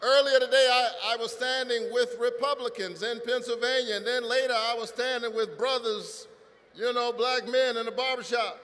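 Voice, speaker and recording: A man who is a pastor giving a rally speech, with a preaching cadence that builds to shouted calls to the crowd. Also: extremely high pitch, fairly even intonation, normal speed. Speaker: pastor speaking at a political rally. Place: large rally venue. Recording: reverberant venue with crowd noise. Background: cheering crowd.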